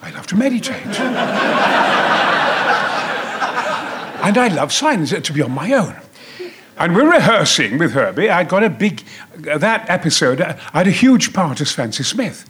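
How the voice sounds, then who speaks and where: A man in his seventies telling a stage anecdote as a guest, booming and theatrical and swearing freely. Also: big pitch swings, normal speed, pauses often, crowd noise.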